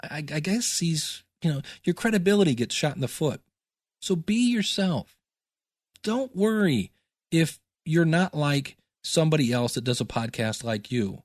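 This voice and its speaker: A man's voice: a little high, lively intonation, normal speed, no room sound, clean studio sound. A middle-aged man teaching podcasting in a chatty, self-deprecating solo talk with goofy asides.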